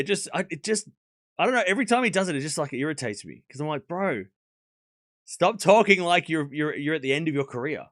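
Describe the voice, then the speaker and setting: A man hosting a casual live tennis watchalong, rambling with repeated restarts and switching into brisk play-by-play calls. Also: fairly high pitch, no room sound, clean studio sound. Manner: animated, rambling, repeats words while restarting sentences. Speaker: host and live tennis commentator. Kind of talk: casual livestream watchalong commentary.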